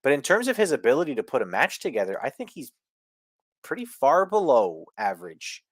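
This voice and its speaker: A man's voice: mid-range voice, huge pitch swings, fairly quick, no room sound. A man from Philadelphia with a Philadelphia accent, co-hosting a casual wrestling chat and giving strong opinions in long, rambling takes full of "like" and "you know". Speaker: co-host.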